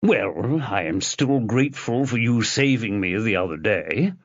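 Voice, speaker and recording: A man's voice: fairly low pitch, expressive, a little slow, no room sound, lo-fi sound. A man voicing an oily, fawning older male judge who talks in a wheedling, ingratiating way.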